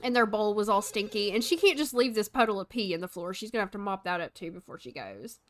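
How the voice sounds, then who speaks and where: This streamer's voice sits mid-range, expressive and fast, with a slightly bright tone. The young woman provides live commentary on a life-sim game, chatting casually, giving her characters orders and replying to viewers.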